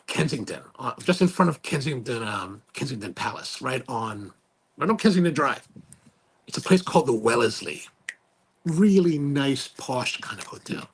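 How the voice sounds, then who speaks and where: Guy host spinning a yarn, gravelly, bit husky, voice jumps around a lot, lots of restarts and "man". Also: medium pitch. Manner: animated, restarts and repeats, slangy. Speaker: podcast host. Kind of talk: casual storytelling.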